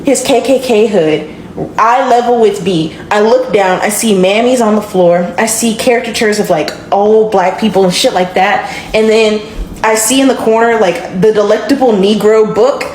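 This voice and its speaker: Animated young woman telling a story. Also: mid-range voice, normal speed, slight background noise. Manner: animated, swings into character voices. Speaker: storyteller in a short clip. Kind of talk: casual storytelling.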